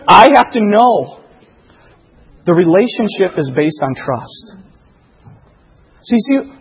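A middle-aged man preaching a sermon, impassioned, rising to loud emphatic delivery full of rhetorical questions. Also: very high-pitched, very animated, slow, pauses often, husky, poor audio. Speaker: pastor.

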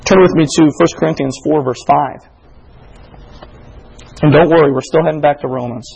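A male preacher delivering a sermon, reading scripture and then pressing his points with climbing emphasis. His voice sits a little high for a man, with a husky, slightly breathy edge. He talks straight to his congregation, often acting out the questions he puts to them. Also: steady tone, normal speed, darkish tone. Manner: preaching with rising emphasis and quoted exchanges. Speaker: pastor.

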